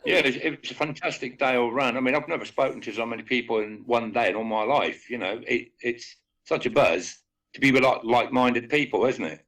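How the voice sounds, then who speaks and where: Man guest, measured and reflective, crisp bright tone, off-mic. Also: mid-range voice. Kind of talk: casual chat. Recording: voice distant from the mic.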